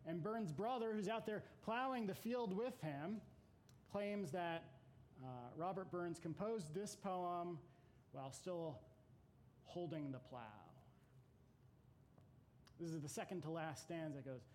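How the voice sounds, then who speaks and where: A man who teaches Bible classes giving an unhurried, reflective devotional talk to a gathering, with hesitant fillers. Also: high-pitched, a little mellow, a little hiss or hum.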